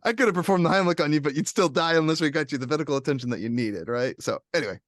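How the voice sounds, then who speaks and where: A man co-hosting a casual movie chat, animated, laughing often and quoting scenes in put-on voices. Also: fairly high pitch, racing, no echo, clean studio sound. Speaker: podcast co-host.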